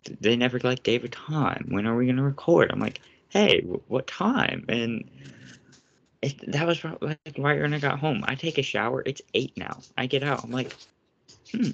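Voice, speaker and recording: A man's voice: medium pitch, fairly quick, vocal fry, lo-fi sound. A young man hosting a casual podcast, ranting sarcastically and swearing often. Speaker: podcast host.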